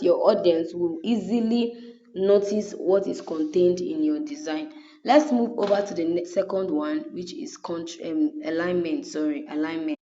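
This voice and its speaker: The dull lo-fi audio carries a woman's low, mellow voice as she unhurriedly teaches graphic design in a screen-recorded tutorial. She goes step by step with patience, frequently checking in with an "okay?".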